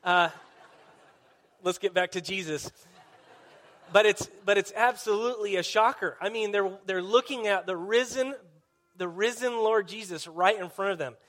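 A man's voice: high voice, normal speed, fairly bright tone. A man as a pastor, preaching a sermon in an earnest, conversational storytelling way.

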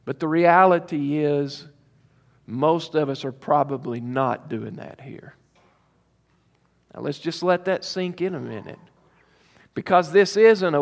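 High-pitched guy preaching a sermon, slow emphatic delivery, big echoey church hall. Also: gravelly. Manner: emphatic, drawn-out preaching with pauses. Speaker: pastor.

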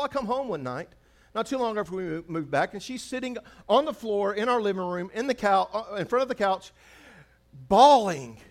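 A man's voice: sits high, fairly bright tone. A man preaching a sermon as pastor, conversational and humorous, repeating phrases for emphasis.

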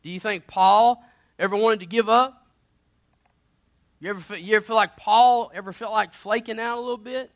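A man gives a sermon in a chatty, conversational manner, shifting from loud, forceful bursts to quiet asides. His voice is high-pitched.

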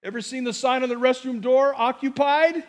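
A man's voice: extremely high pitch, normal speed, long reverb tail. A man preaching a sermon as pastor, telling the story with jokes and acted-out quotes. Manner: animated storytelling, jokey asides and acted-out quotes.

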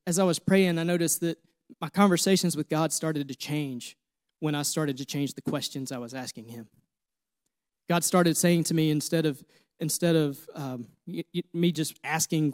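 Thirty-something guy preaching, kinda high voice, super dry close sound, gets fired up telling his story. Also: no echo. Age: 30s. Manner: personal testimony, grows emotional and louder. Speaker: pastor. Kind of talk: sermon. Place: church.

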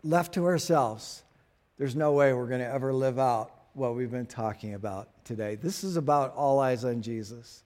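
A man preaching as pastor, earnest, putting rhetorical questions to his congregation and dropping into soft, quiet asides. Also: mid-range voice, moderate pace. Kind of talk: sermon.

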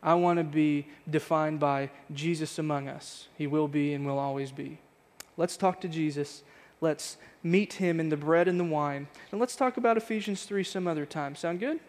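Pastor, a man in his thirties, with a fairly high voice and an earnest, searching sermon delivery in a church hall with long reverb. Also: normal speed, few pauses. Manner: earnest, reflective, repeating rhetorical questions. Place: church sanctuary.

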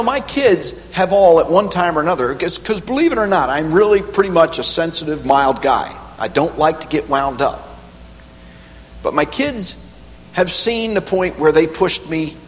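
Animated middle-aged preacher in an echoey hall. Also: male voice. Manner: animated, emphatic preaching with rising pitch on key points. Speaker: pastor. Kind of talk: sermon. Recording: echoey hall with faint hum.

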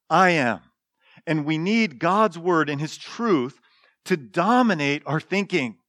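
A middle-aged man preaching a sermon as pastor, in a conversational storytelling manner with restarts and quiet asides. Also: on the high side, no room sound, studio quality. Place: church.

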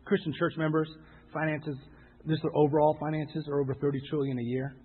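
Male pastor, fervent sermon delivery, slightly high voice, long reverb of a big hall. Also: little pitch movement, brisk, husky, narrow, tinny audio. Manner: impassioned, pleading, rising to loud exhortation.

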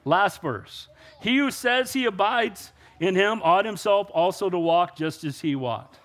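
A man with a high, light voice preaching with fervor. He drives his points home and keeps calling for an amen from the congregation, his voice lifting as he presses each line. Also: animated, a little slow. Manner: emphatic, rising to loud exclamations and call-and-response. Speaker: pastor. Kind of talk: sermon.

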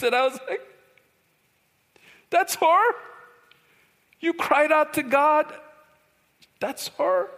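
A man giving a testimony sermon at a youth retreat, telling his story dramatically and swinging from hushed to loud. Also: sits high. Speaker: retreat speaker. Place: large hall at a youth retreat. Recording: long hall reverb.

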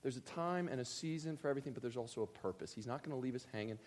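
A man preaches a sermon at a very fast clip, addressing his congregation earnestly and directly. His voice is medium-pitched, and he builds to emphatic, animated bursts.

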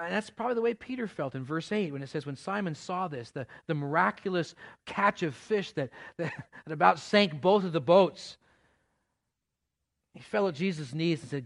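A pastor preaching a sermon in church, in a conversational way with playful asides. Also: male voice, high voice, creaky, fairly bright tone.

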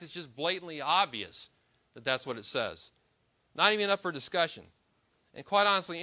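A man delivers a sermon with a bright, forceful voice pitched a little high. He preaches emphatically, restarting phrases and posing rhetorical questions. The recording is dull and lo-fi. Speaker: pastor.

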